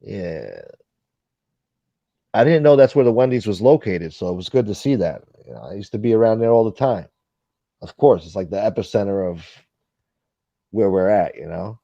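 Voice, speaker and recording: A man's voice: fairly low pitch, very animated, normal speed, creaky, pauses often, no echo, lo-fi sound. A man hosting a casual livestream, chatting bluntly, swearing freely and reading out viewer comments. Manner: blunt, rambling, swears freely, mimics others. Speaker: livestream host.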